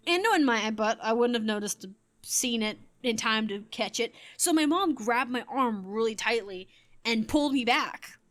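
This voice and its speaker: Streamer woman in her thirties, slightly high-pitched, rambling, laughs a lot. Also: animated, moderate pace, a bit bright. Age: 30s. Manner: rambling, self-correcting, laughs often. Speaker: gaming streamer. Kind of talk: casual storytelling while gaming.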